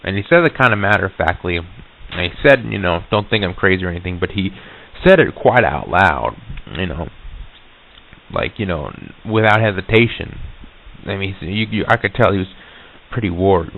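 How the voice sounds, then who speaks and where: Man, deep voice, halting storyteller full of restarts; thin phone-like old reel-to-reel tape. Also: animated, vocal fry. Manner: halting, many restarts and fillers. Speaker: interviewee recounting an encounter. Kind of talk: casual spoken recollection.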